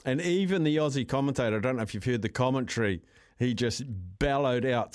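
A man's voice: medium pitch, brisk, darkish tone. A man with a New Zealand accent hosting a talkback radio show, chatting in a friendly way with callers and laughing easily. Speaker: radio host.

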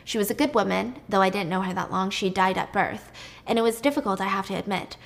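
A woman voicing a gentle, weary craftsman and single father who talks in a quiet, confiding way. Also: medium pitch, fast talker, gravelly, lightly acted.

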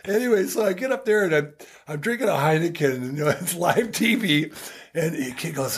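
Husky older man telling a story. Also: on the high side, fairly quick. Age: 60s. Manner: animated storyteller, laughs through his punchlines. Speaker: guest, former college hockey player. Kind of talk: casual storytelling.

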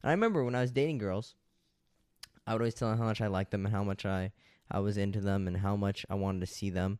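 A man's voice: on the low side, quick pace, darkish tone, clear, resonant tone, no echo, studio quality. A young man giving blunt dating advice in a casual monologue, lecturing with slang like "dude" and "like".

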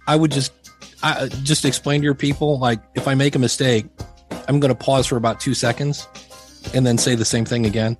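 A man's voice: medium pitch, steady tone, a little fast, faint music behind. A middle-aged man talking casually on a podcast, candid and rambling, often acting out conversations he had. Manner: rambling, candid, self-deprecating, acts out quoted exchanges.

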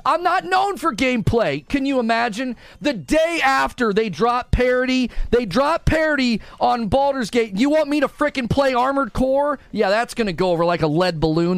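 A man's voice: very high-pitched, dry recording. A man streaming live, grumbling in exasperation and repeating himself as he rants about gaming news.

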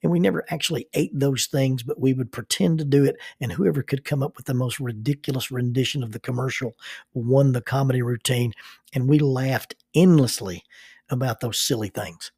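Older minister host, gravelly and husky voice, unhurried storyteller. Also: male voice, medium pitch, a little mellow, no echo, clean studio sound. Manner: unhurried, chuckles while recalling. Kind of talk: reflective personal storytelling.

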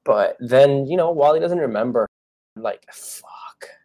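Excitable swearing man chatting. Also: mid-range voice, moderate pace. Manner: excitable, swears a lot, emotional. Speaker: podcast co-host. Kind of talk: casual chat.

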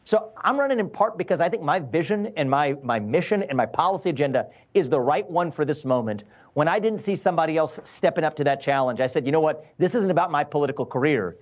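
A man in his thirties, a presidential candidate in a remote TV news interview, speaking fast and emphatically. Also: a little high, animated, muffled recording. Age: 30s. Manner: fast, emphatic, assertive campaign talk.

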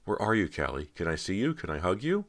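A man's voice: sits low, very animated, fast talker, dry recording, voice pushed up. Man voicing a pleading teenage girl. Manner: raised voice, emotional and pleading. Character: anxious teenage girl, lonely for her sister.

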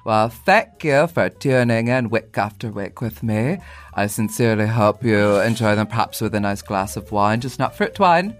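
A pompous, theatrical older lady who drawls each line slowly and grandly. Her voice swoops up and down widely, as a man puts her on for a podcast guest spot. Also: on the low side, lively intonation, faint music behind, lightly acted. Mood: grandly gracious.

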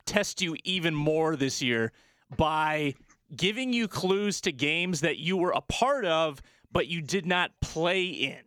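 A man with a hoarse, raspy voice hosting a sports talk show and quizzing his guest in an upbeat way. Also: fairly high pitch, animated, takes it slowly, fairly bright tone, no room sound, studio quality. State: hoarse from yelling. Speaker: sports podcast host. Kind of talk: casual sports talk and quiz.

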